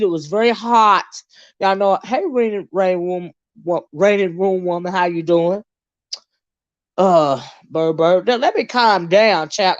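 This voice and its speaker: A woman rants on a live stream, swinging between loud, heated outbursts and low, muttered asides. Her voice sits at a middle pitch. The audio is dry and a little muffled. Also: no room sound. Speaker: channel host ranting to live viewers. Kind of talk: live stream rant, casual and profane.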